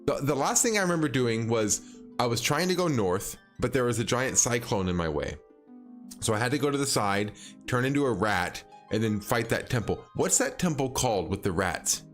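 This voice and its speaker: Faint music sits behind this man as he streams a game and chats casually with viewers. His mid-range voice is sing-song at a moderate pace, and his talk rambles hesitantly with plenty of fillers, restarts and chuckles.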